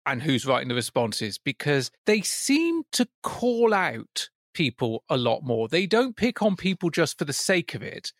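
A man's voice: a little high, sing-song, a little slow, hardly any pauses, no room sound, clean studio sound. A man co-hosting a casual retro gaming podcast, wry and joking as he reads out old magazine letters. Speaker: podcast co-host.

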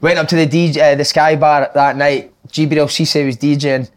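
A man's voice: on the high side, little pitch movement. A Scottish man in his thirties telling stories on a podcast, swearing and laughing with friends. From Scotland. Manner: swearing, laughing storyteller, quick banter. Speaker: podcast co-host, ex-footballer. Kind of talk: casual chat, storytelling.

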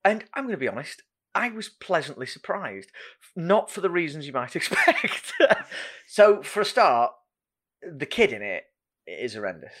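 This male podcast host sounds fairly bright and sing-song, with a higher-leaning voice at normal speed. His talk is a casual chat full of ums and jokes at his own expense.

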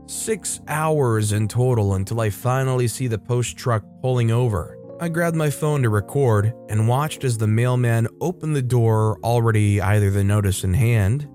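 Man, story narrator, medium pitch, faint music bed, reads quoted lines higher. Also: darkish tone. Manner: reads first-person stories, shifting pitch for quoted lines. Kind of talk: scripted narration of online stories.

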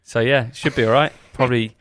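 A man's voice: mid-range voice, fairly even intonation, brisk, a bit bright. A man chatting casually as a podcast co-host, telling jokey stories with lots of filler words. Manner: laid-back, jokey storytelling with lots of "like" and "mate". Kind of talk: casual chat.

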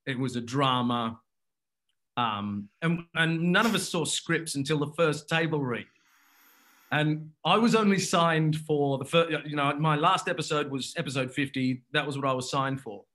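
Bright-voiced man telling a rambling anecdote. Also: fairly high pitch. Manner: rambling, self-interrupting, quick to laugh. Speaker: guest. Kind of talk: casual anecdotal chat.

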